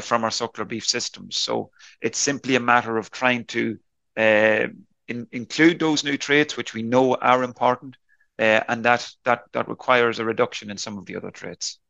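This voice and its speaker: A man answering interview questions on a podcast, explaining at length in a halting way with frequent restarts and fillers. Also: mid-range voice, steady tone, creaky, bright, forceful tone, dry recording. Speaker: beef enterprise leader answering interview questions.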